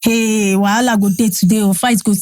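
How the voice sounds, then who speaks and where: A woman with a Nigerian accent, a podcast guest telling a story in animated casual talk, slipping into Pidgin and Yoruba. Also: medium pitch, a little fast, no echo, studio quality. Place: podcast studio.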